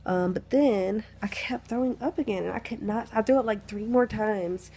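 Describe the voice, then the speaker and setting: A woman's voice: mid-range voice, normal speed, dark tone, a little hiss or hum. A young woman, sick with the flu and lying in bed, telling a candid, chatty story into her phone, swearing freely. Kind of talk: casual storytime chat.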